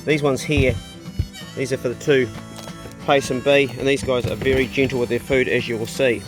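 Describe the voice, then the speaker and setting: A middle-aged man chatting casually on his farm and talking to his dogs in a relaxed way. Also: medium pitch, moderate pace, music in the background. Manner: laid-back, talks to his dogs. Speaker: vlogger. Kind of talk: casual chat. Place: farmhouse.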